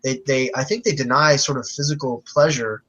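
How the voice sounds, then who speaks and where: A man's voice: mid-range voice, steady tone, brisk, a bit bright, low-quality recording. Man, mid-range voice, emphatic, persuasive, lecturing, casual discussion. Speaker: vegan advocate in a discussion.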